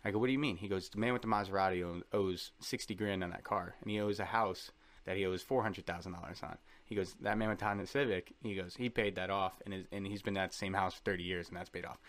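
A man's voice: deep voice, fast. A man in his thirties telling rambling, joking stories as a guest in a casual podcast chat. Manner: rambling storyteller, lively and joking.

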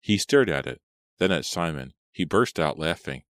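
A man narrating a horror audiobook in a steady, measured reading style. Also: low voice, dry recording, studio quality.

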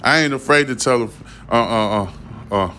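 A man's voice: medium pitch, normal speed, sharp tone, slight background noise. A man hosting a podcast, giving blunt, profane commentary full of fillers and repeats. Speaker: podcast host. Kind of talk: casual commentary.

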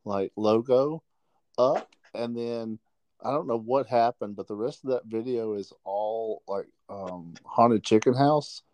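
A man's voice: mid-range voice, measured pace, a little mellow, slight background noise, rough recording. A man co-hosting a podcast over the phone, rambling hesitantly with many fillers. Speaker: podcast co-host calling in. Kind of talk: casual chat.

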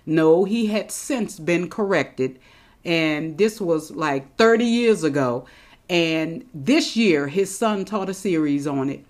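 A woman's voice: on the low side, animated, takes it slowly. A woman preaching a sermon in an emphatic, conversational way, repeating points for stress.

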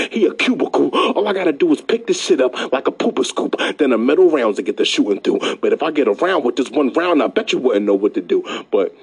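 A man's voice: medium pitch, breathy edge. A young man rapping a battle verse, with brash, profane trash talk aimed at his opponent. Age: young adult. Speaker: battle rapper.

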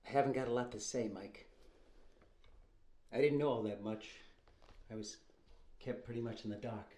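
A man's voice: medium pitch, moderate pace, dark tone, reverberant, pitched below the performer's own voice, close to an everyday voice. A man doing an impression of a whining, resentful younger brother from a crime family. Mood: nervous. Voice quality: pleading, rising voice. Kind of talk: film scene impression.

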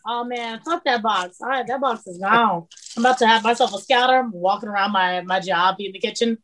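A woman's voice: a little high, brisk, fairly bright tone, slight background noise. A woman guest in casual chat, playful and teasing as she tells stories about her kitchen job. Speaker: guest, cook.

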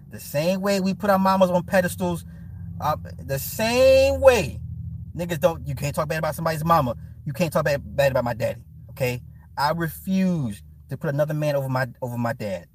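A man giving an unscripted, profane monologue, swinging from a low mutter to a loud, preachy rant.

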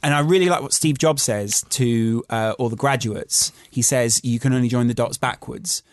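Young Geordie podcast host, lively anecdote teller, dry close sound, mid-pitched voice. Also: male voice, normal speed, no room sound. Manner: animated storytelling, acts out both sides of an argument. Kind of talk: casual chat.

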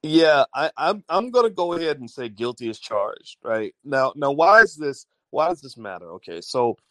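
A man's voice: mid-range voice, very animated, normal speed, fairly bright tone, no echo. A man hosting an audio-only livestream, talking casually to his chat and reading viewers' comments, with many fillers and restarts. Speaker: livestream host.

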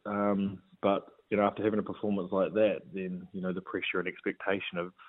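A rugby player appears as a guest in a casual interview, his deep voice flat and fairly quick with no echo. He hesitates a lot, filling gaps with ums and restarting sentences, and the audio has a tinny phone-line quality.

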